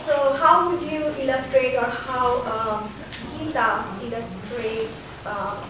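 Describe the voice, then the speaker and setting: A woman in the audience, herself a teacher, asking a question in a halting way and searching for words. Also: fairly high pitch, steady tone. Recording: roomy hall, distant mic, clear noise.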